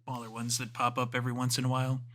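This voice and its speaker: A man's voice: mid-range voice, monotone, racing, a bit bright. A man running a tabletop role-playing game, talking offhand with many fillers. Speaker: game master. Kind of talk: narrating and voicing a tabletop game.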